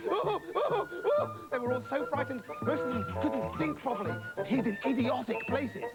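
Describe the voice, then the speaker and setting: A man's voice: extremely high pitch, a little fast, low-quality recording. A man telling a comic children's story, gleeful and anarchic. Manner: gleeful and anarchic, jumping between voices. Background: music.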